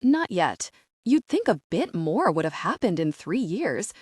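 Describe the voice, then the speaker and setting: A British woman voicing a calm, matter-of-fact female hospital nurse in an audiobook. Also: medium pitch, measured pace, slightly rough, no room sound, clean studio sound. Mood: breezy.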